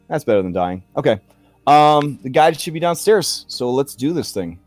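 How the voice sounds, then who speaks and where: A man's voice: medium pitch, expressive, normal speed, a little mellow, no room sound, soft background music. A man running a tabletop game as game master, narrating in a chatty way full of fillers and jokey asides.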